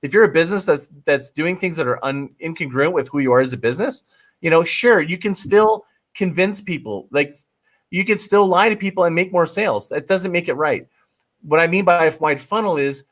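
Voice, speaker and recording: A man's voice: on the high side, a bit bright. A man talking as a guest marketing coach in a casual interview, emphatic and pleading, often breaking off and restarting, with the odd swear word.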